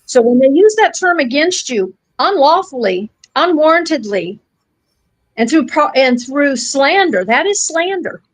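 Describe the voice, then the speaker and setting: A woman's voice: sits high, big pitch swings, unhurried, dry recording, poor audio. An American woman co-hosting a podcast, telling a story in a blunt, folksy way and acting out the voices of the people in it. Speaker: podcast co-host. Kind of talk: casual storytelling chat.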